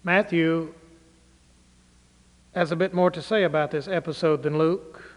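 A man preaching a sermon, dramatically swinging between loud declaiming and hushed low phrases. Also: steady tone, a little slow. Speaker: pastor. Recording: reverberant hall.

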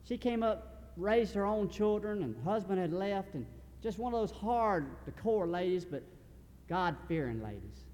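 Folksy preacher telling a story. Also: male voice, sits high, animated, darkish tone, big-room sound. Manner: folksy, earnest, halting restarts. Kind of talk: sermon storytelling.

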